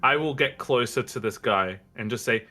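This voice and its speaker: A man's voice: medium pitch, moderate pace, bright, forceful tone, faint music behind. A man playing a tabletop game, speaking in character in a playful, stammering way. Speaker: player. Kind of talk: in-character tabletop role-play.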